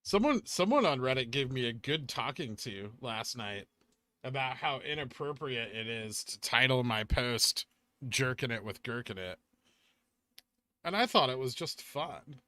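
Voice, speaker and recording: Lively chatty Southern Californian man. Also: mid-range voice, a little slow, dry recording. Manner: reads chat comments aloud and answers them, chatty, says "like" often. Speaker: streamer reading chat. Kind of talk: casual live-stream chat.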